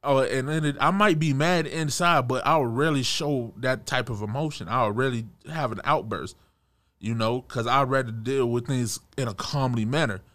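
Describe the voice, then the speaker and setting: Animated young man telling a story. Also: mid-range voice, normal speed. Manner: animated, stumbling restarts, chuckling asides. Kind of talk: casual storytime retelling.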